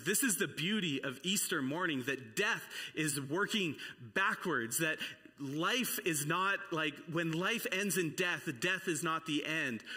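Earnest preacher, bright voice. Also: male voice, fairly high pitch, husky. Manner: earnest, dramatic storytelling. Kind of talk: storytelling sermon. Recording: long reverb of a large hall.

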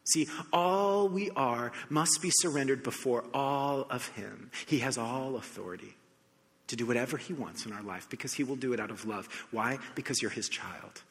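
A man from the United States preaching a sermon, telling a personal story with animated shifts between soft reflection and excited emphasis. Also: mid-range voice, normal speed. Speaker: pastor. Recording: long hall reverb.

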